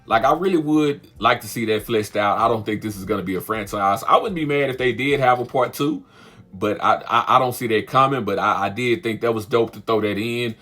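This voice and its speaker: A man giving a casual, chatty spoken review of a film, animated and often laughing, with frequent asides to his listeners. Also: lowish voice, fairly quick, faint music behind. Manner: chatty and animated, laughs often, keeps asking "you know what I'm saying". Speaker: movie reviewer, channel host.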